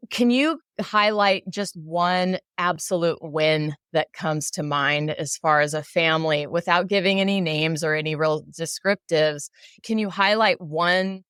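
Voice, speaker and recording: A woman's voice: sits low, a bit bright, clean tone, dry recording, clean studio sound. A woman hosting a podcast interview, affirming and effusive as she asks her guest questions. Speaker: podcast host. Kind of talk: interview conversation.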